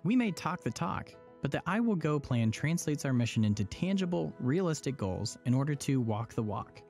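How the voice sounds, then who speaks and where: A man's voice: a little high, big pitch swings, normal speed, darkish tone, faint music behind. A man explaining a church plan in a scripted, upbeat, persuasive dialogue. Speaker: church promo presenter.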